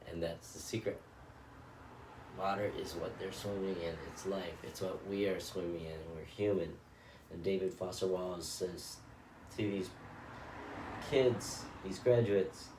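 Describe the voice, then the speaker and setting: A man's voice: deep voice, dark tone, slight background noise. A man telling a story and reflecting on it in a loose, rambling and earnest way, as a self-help speaker would. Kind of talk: casual spoken reflection. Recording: echoey, from a distance, faint ambience.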